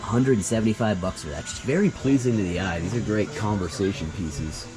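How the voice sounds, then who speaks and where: A lowish, slightly fast male voice carries this casual walkthrough of an indoor flea market. Music plays in the store behind the vlogger as he chats easily and reflects on what he sees.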